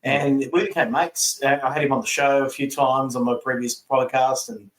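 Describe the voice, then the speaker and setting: An Australian man hosts a podcast in an easygoing, matey way. His voice sits at a middle pitch, and it rings out in a roomy echo. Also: little pitch movement, moderate pace, a bit bright, far from the mic. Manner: easygoing, matey, says mate a lot. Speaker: podcast host. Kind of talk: casual chat.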